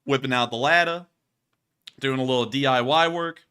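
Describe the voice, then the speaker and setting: A man's voice: mid-range voice, normal speed, pushed and bright, clean tone. A man casually commenting over war footage as host, joking and rambling and laughing at his own slips. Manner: jokey, rambling, laughs at himself.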